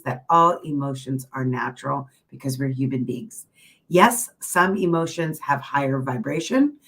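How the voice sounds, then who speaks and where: A middle-aged woman speaks in a low voice, chatting through a motivational talk. She sounds encouraging and conversational and keeps checking in with her listeners through friendly asides. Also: low-quality recording. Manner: chatty and encouraging, with many asides and filler phrases. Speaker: keynote mindset speaker. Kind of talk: casual motivational talk to an online audience.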